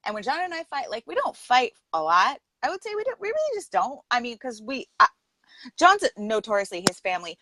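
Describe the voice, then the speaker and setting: A woman's voice: on the high side, fairly quick, background noise. A middle-aged woman hosting a casual interview, talking earnestly and quoting herself as she explains her points. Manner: earnest, uses lively metaphors, quotes herself. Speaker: podcast host.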